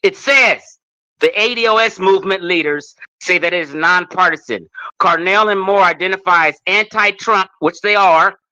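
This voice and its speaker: A man's voice: high-pitched, moderate pace, sharp tone, no echo, lo-fi sound. A man in a heated podcast debate who reads out a source and defends it with angry cursing. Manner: reads from sources, then swears angrily. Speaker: podcast guest.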